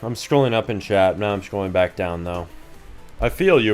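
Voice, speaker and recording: A man's voice: fairly low pitch, animated, normal speed, soft background music. A man from Idaho, a game developer streaming live, bantering with his chat in a loose, joking, profane way. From Idaho, USA. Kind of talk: casual livestream chat.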